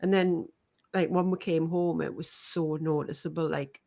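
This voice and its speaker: A woman's voice: low-pitched, steady tone, normal speed, gravelly, mellow. A woman from the North East of England, hosting a podcast interview in a chatty, laughing way. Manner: chatty, laughing, self-deprecating. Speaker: podcast host.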